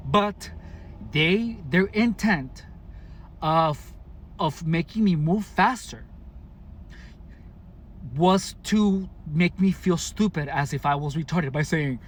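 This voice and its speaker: A man from Mexicali speaking casually to camera, recounting his own experiences with frequent restarts and careful enunciation. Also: fairly high pitch. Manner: halting, many restarts and fillers, deliberate enunciation. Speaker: vlogger. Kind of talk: casual personal account to camera.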